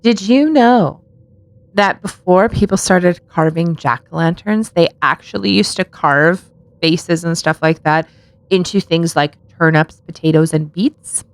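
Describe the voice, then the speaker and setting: A woman with a somewhat low voice co-hosts a casual podcast, joking around and laughing often. She swears freely in easy chat. The sound is dry and close, with no room echo. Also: unhurried. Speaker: podcast co-host.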